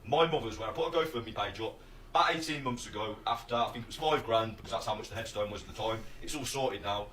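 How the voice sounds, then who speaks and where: A man's voice: on the low side, fast, a bit bright, a little hiss or hum. Aggrieved man on distant phone video. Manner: aggrieved, accusing. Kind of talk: phone video call-out rant.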